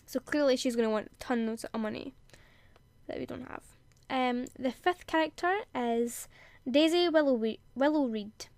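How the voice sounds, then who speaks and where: Girl reading game bios out loud, high voice, keeps laughing and tripping on words, dry close sound. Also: unhurried, dry recording. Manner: giggly, stumbles over words while reading. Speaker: gaming channel host. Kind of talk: let's play commentary, reading character bios aloud.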